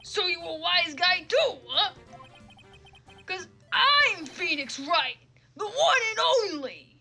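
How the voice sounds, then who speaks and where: A woman playing a hot-headed young biker punk, tough-guy slang, strained shouting, bright high voice, faint music behind. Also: sing-song, slow, heavily acted. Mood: threatening.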